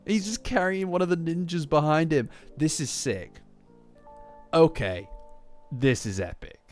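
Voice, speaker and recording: A man hosting a casual chapter reaction, breaking into heated, cursing outbursts between calmer reflective stretches. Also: on the high side, measured pace. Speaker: manga reaction host. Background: faint lofi background music.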